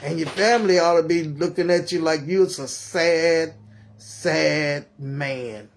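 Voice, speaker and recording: An older grandmother with a high voice , as a man puts her on, preaches and scolds in a comic monologue. She takes her time over every phrase, like someone praying aloud. Her tone is sermon-like and indignant. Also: slow pace, slight background noise. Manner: ranting, scolding. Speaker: storyteller.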